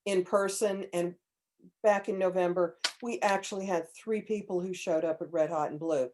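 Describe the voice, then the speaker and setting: A woman's voice: on the low side, fairly even intonation, normal speed, darkish tone, a little hiss or hum. A woman making casual announcements to a writing group on a video call, chatty and hesitant with frequent ums. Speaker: meeting organizer.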